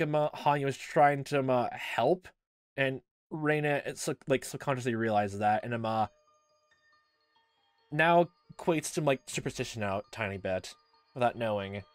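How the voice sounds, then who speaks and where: A let's play host giving casual game commentary, rambling, full of fillers and trailing asides. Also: mid-range voice.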